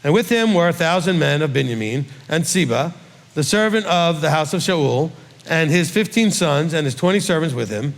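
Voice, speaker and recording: A man's voice: fairly high pitch, animated, normal speed, in a large hall. A male rabbi reading scripture aloud and teaching from it, in a conversational way that puts questions to his listeners.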